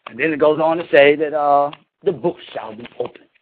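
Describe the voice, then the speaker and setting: A man's voice: on the high side, fairly quick. A man preaching to his followers in an emphatic, scolding manner, slangy and salted with cursing. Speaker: spiritual leader. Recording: tinny phone-like sound.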